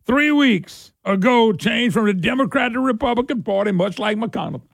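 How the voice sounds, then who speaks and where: Sarcastic man, high gravelly voice. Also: expressive, normal speed, no echo, clean studio sound. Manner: sarcastic, laughs often, voice jumps high when mocking. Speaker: radio talk show host. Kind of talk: opinionated political talk.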